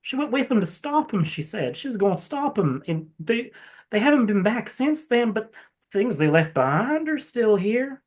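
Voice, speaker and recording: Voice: mid-range voice, big pitch swings, moderate pace, voice pushed up. A game master voicing a nervous, overwhelmed male cleric who stammers and drawls in a put-on accent. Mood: anxious. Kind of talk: tabletop game role-play.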